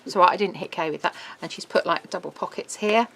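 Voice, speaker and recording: A woman's voice: on the low side, heavy background noise. A middle-aged woman, presenting a craft album in a casual, bubbly walkthrough. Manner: chatty, bubbly, quick laughs.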